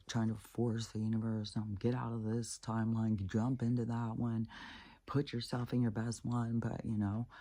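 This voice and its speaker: Gravelly, profane spiritual vlogger ranting. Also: mid-range voice, warm tone. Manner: profane, ranting, full of fillers and restarts; laughs between sentences. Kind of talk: casual rambling monologue.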